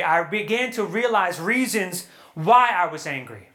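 A man preaching at a young adult retreat, earnest and animated, acting out prayers and quotes before a live audience. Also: sits high, measured pace. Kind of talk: sermon.

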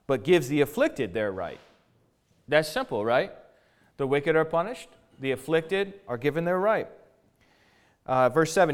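A man's voice: a little high, animated, moderate pace, pauses often. A man preaching from the Bible in a casual, conversational way, paraphrasing in modern slang and often repeating words as he goes.

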